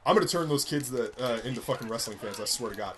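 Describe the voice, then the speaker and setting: A man at an ordinary middle pitch talks loosely while playing a game with a friend. He swears freely, tells stories about his family and breaks into laughter often. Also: expressive, fast talker, a crowd in the background. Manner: profane, laughing storyteller. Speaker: podcast co-host. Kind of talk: casual gaming chat.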